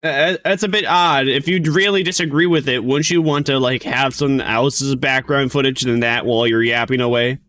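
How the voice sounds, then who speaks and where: A man's voice: medium pitch, steady tone, normal speed, few pauses, a bit bright, no room sound, clean studio sound. A man streaming a reaction to a video, talking casually in a mocking, rambling way full of restarts.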